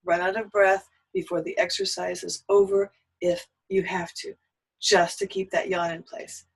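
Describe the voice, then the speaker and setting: A woman's voice: fairly low pitch, flat delivery, moderate pace, husky, poor audio. Patient woman coaching a singing lesson. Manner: patient, coaching, gives step-by-step cues. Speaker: voice teacher.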